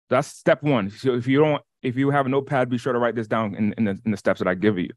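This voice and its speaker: Co-host man teaching a webinar, keen and fast to restart, mid voice, dry close mic. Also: mid-range voice, dry recording. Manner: energetic, repeats words, quick restarts. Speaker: workshop co-host. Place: lives in Las Vegas.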